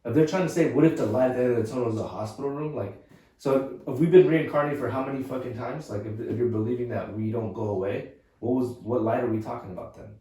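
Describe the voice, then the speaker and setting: A man's voice: mid-range voice, fast talker, mellow. A man on a casual podcast arguing his point and nitpicking the others. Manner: argumentative, nitpicking. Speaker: podcast co-host. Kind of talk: casual chat, debating. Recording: echoey room, far from the mic.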